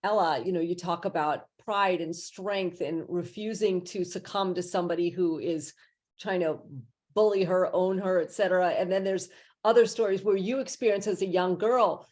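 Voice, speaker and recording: A woman's voice: fairly low pitch, fairly even intonation, moderate pace, darkish tone. A woman hosting an interview over a video call, chatty, enthusiastic and effusive in her praise. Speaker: podcast host. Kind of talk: interview conversation.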